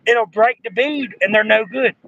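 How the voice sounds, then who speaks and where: High-pitched gravelly man, emphatic. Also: moderate pace. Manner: emphatic, repeats himself, profane. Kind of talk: casual bar chat. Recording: muffled with faint noise.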